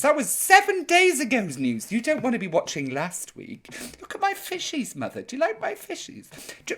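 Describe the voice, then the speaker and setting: A man's voice: high-pitched, a bit bright. A man hosting a live chat show as a drag grandma persona, reading viewer comments in a camp, theatrical, mock-offended and bawdy way.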